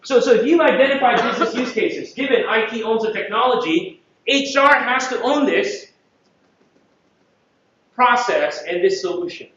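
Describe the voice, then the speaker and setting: A man's voice: very high voice, normal speed, fairly bright tone. A man from the Philippines giving a playful conference talk to an audience, often checking that they follow him. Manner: playful, audience-engaging, acts out quotes. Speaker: conference presenter. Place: large conference room. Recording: echoey room, distant and dull mic.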